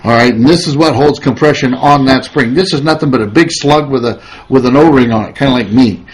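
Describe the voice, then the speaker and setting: A male mechanic with an average-pitched voice explains a part plainly and matter-of-factly. A faint workshop noise sits under the recording. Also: a little fast, low-quality recording. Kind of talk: casual technical explanation.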